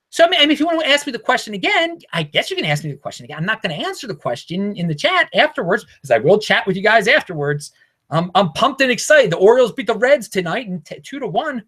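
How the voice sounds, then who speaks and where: A man with a Baltimore accent hosting a casual vlog, rambling and excitable with frequent restarts. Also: high-pitched. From Baltimore, United States. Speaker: cryptocurrency video host.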